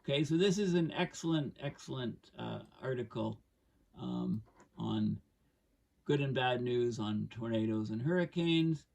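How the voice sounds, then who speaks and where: A man's voice: medium pitch, expressive, unhurried, gravelly, darkish tone, far from the mic. A man casually explaining climate science over charts, thinking aloud with fillers and bursts of emphasis.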